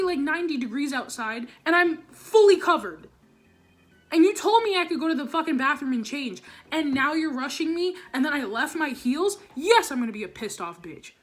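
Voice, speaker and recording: A woman's voice: high voice, a bit bright. A teenage girl telling a storytime vlog, ranting with heavy profanity and constant "like" fillers, recorded on a camera or phone mic. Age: teens. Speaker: vlogger.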